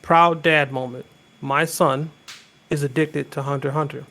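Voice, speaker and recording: A man guest-hosting a podcast in casual chat, talking in an emphatic, animated way. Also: fairly high pitch, normal speed.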